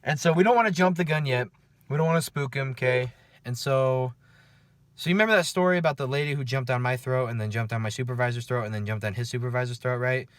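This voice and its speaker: A man's voice: medium pitch, fast, no room sound. A man working night-shift security, telling stories from his shift in a casual, profane vlog, often checking in with the listener. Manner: chatty, profane, keeps checking in with "okay?" and "right?". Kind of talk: casual after-work storytelling vlog.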